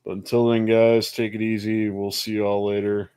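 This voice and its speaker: Low, flat-voiced man co-host. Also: moderate pace, clean tone, dry recording. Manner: laid-back, brief agreeing replies. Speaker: podcast co-host. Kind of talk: casual chat.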